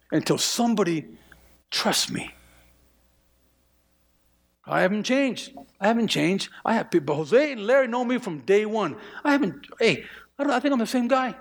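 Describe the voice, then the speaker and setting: A man's voice: high voice, gravelly, husky. A male pastor preaching a sermon, emphatic, repeating phrases and stammering through restarts. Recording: long hall reverb.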